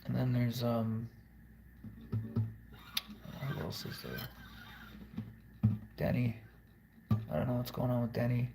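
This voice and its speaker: A man's voice: mid-range voice, completely flat delivery, slow pace, vocal fry, pauses often, noisy background. A man rambling through a confessional video monologue, blunt and profane, wandering from thought to thought. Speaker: musician vlogger.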